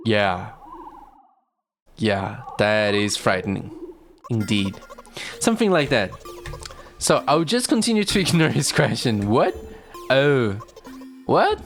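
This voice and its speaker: A streamer chatting casually and reading a text game aloud with animated reactions. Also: mid-range voice, measured pace, long pauses, faint music behind.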